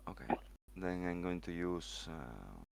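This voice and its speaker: A man playing in a tabletop game, hesitant and unsure, trailing off and filling pauses. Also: deep voice, big pitch swings, creaky. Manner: hesitant, unsure, many fillers. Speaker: player.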